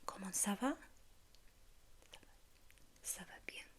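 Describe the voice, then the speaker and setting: Slow whispering English woman tutor. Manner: slow, gentle whispered teaching with soft prompts to repeat. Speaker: ASMR language tutor. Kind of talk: whispered role-play.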